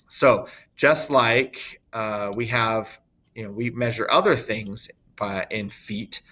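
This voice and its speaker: Guy teacher walking through poem rhythm, laid back, lots of um and you know, drags out example words slowly. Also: medium pitch, fairly bright tone. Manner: informal, thinks aloud, many fillers and self-corrections; sounds out stressed syllables slowly to demonstrate. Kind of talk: recorded poetry lesson.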